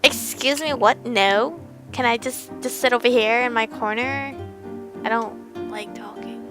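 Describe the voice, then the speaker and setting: A woman's voice: on the high side, unhurried, over music, rough recording. A young woman narrating a visual novel game aloud, breaking in with playful, giggly reactions. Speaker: game streamer.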